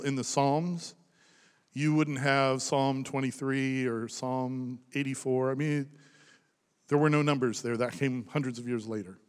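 A man in his thirties preaching a sermon as pastor, impassioned, rising to loud emphasis and dropping to hushed near-whispers. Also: mid-range voice, clear, resonant tone. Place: church sanctuary. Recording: long reverb of a large hall.

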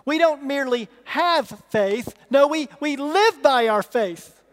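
A man with a strikingly high voice delivers an emphatic sermon, repeating key phrases and asking his listeners rhetorical questions. His voice rings out with the long reverb of a large church hall. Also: lively intonation, slow pace. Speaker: pastor.

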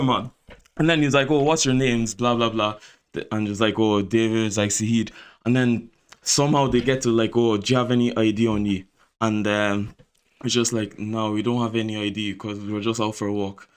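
A young man tells a story to his friends. His voice sits in an ordinary middle range. He talks in a loose, animated way, swearing freely and laughing between lines. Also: mid-range voice, normal speed, smooth. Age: 20s. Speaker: podcast host. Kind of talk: casual storytelling chat.

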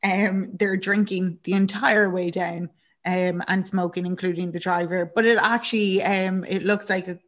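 With a lowish voice at normal speed, a young woman from Ireland recaps a movie while co-hosting a podcast. Her chat is animated and easygoing, full of laughter and acted-out dialogue from the characters.

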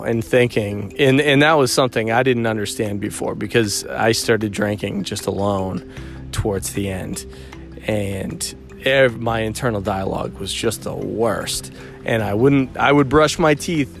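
A man hosting a podcast, talking in a rambling, casual way with many fillers and restarts. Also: lowish voice. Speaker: podcast host.

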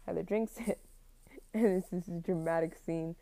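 A woman's voice: on the low side, steady tone, moderate pace, vocal fry, dark tone. Rambling young woman recapping a story. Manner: rambling, filler-heavy, laughs often. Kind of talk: casual plot recap.

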